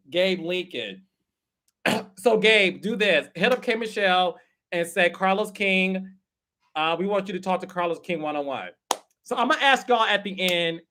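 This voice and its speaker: A man's voice: high voice, sharp tone. A man hosting a casual livestream, chatting and greeting viewers by name. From Texas. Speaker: host.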